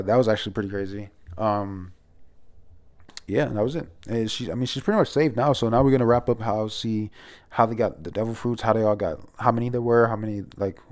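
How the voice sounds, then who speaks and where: A man's voice: on the low side, a little mellow. A young man casually reviewing a comic chapter, rambling and profane with lots of restarts. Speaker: manga reviewer.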